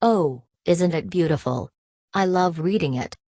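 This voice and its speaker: A man's voice: fairly high pitch, a little slow, a little mellow, no room sound. A woman reading an audiobook, voicing a tipsy, giggling young man who squeals and hiccups. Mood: tipsy, gushing.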